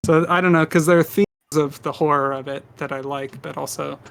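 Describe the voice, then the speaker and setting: Rambling male co-host, gravelly and a bit high, hobby-stream chatter. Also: fairly even intonation, brisk. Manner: rambling, many fillers and restarts. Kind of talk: casual chat during a live hobby painting stream.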